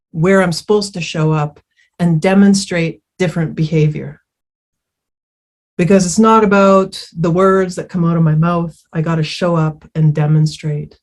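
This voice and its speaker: A woman's voice: on the low side, darkish tone. A woman telling her personal recovery story in a candid, rambling way. She swears freely and often circles back with fillers and restarts. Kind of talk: personal testimony.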